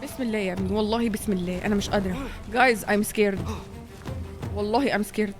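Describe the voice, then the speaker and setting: A woman's voice: medium pitch, fairly even intonation, rapid-fire, over music. A young woman streaming a game live, stressed, swearing and chatting with her viewers. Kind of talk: live gameplay commentary.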